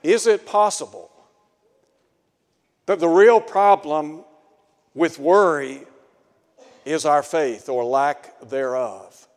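Slow deliberate guy preaching on the radio, bit higher voice, long reverb like a big hall. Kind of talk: radio sermon.

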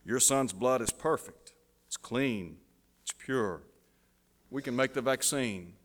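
A man voicing a grave, gentle old male doctor, speaking softly and low. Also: slow pace, lightly acted. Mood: grave, hushed. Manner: soft, lowered delivery. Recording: long hall reverb.

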